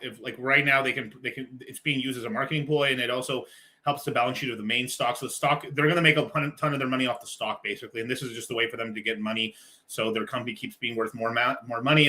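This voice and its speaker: A man's voice: mid-range voice, pushed and bright. A man hosting a stream, reacting to a clip in loose, rambling commentary, laughing often and swearing a lot. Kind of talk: casual profane reaction commentary.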